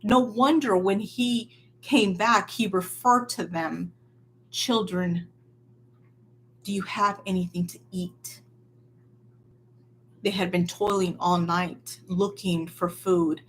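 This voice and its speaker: A woman preaching a sermon in an earnest, emphatic way, swinging between loud stresses and quiet, near-hushed lines. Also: medium pitch, takes it slowly, pauses often, a little hiss or hum.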